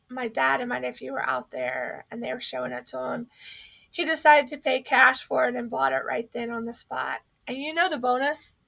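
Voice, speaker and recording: A woman's voice: high voice, vocal fry, pushed and bright. A young woman from North Carolina sharing a personal faith testimony, telling her story earnestly and acting out what she thought.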